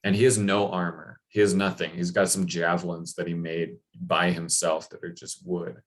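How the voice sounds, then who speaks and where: A man's voice: sits low, level tone, moderate pace. A man retelling a legend in a loose, chatty talk, full of fillers. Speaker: speaker. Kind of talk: casual storytelling talk.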